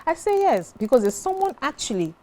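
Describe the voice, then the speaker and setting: A woman's voice: high-pitched, very animated, brisk, warm tone. A woman on a talk show panel chatting casually, retelling past conversations and often checking that listeners follow her. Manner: chatty, retells conversations, keeps asking "do you understand".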